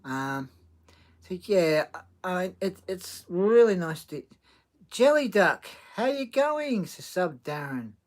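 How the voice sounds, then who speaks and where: A man hosting a casual livestream, talking haltingly with many restarts and reading chat comments aloud. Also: high-pitched, big pitch swings.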